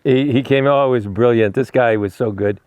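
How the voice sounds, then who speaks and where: Animal rescuer, male, smooth mid-pitched voice, rambling storyteller who stumbles over his words, dry close sound. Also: normal speed, darkish tone, no echo. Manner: rambling, repeats and restarts words; talks fondly to a dog. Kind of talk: casual storytelling while feeding a dog.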